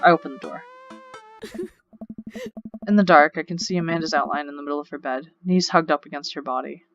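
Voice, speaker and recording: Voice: mid-range voice, very animated, normal speed, fairly bright tone, highs cut off, faint music behind. A let's play host reading a dating game's text aloud, breaking off into rambling, chatty asides. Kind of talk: reading game text aloud with casual commentary.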